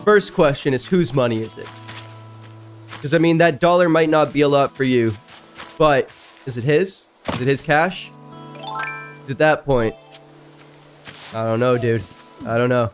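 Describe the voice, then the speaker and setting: A male streamer reading online stories aloud and reacting casually between lines, chatty, with loud outbursts that leap high in pitch. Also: a little slow, pauses often, faint music behind.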